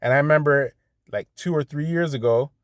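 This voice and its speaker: A man's voice: a little high, a little fast, no echo, clean studio sound. A man ranting casually to the camera, blunt and heated, with plenty of profanity. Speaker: vlogger. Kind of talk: casual rant.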